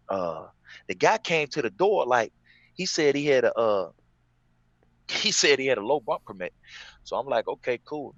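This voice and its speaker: A man's voice: deep voice, a bit bright, no room sound, muffled recording. A man, a former prisoner, tells his story in a casual interview, repeating phrases for emphasis.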